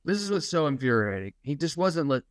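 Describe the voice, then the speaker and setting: A man, a comedian and podcast host, telling a profane, animated story about a stand-up gig in casual chat. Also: a little high, a little fast, no room sound.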